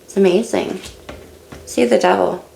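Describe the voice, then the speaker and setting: A woman's voice: medium pitch, fairly even intonation, unhurried, creaky, mellow, echoey room, slight background noise, rough recording. A woman doing a casual tarot reading, musing and thinking aloud as she turns each card. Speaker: tarot reader.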